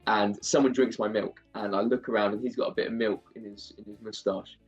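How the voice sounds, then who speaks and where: A young man with a Southeast London accent, an actor chatting casually as a guest, rambling and quick to laugh. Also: on the low side, fairly even intonation, lo-fi sound, soft background music. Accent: Southeast London English. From England. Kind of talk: casual interview chat.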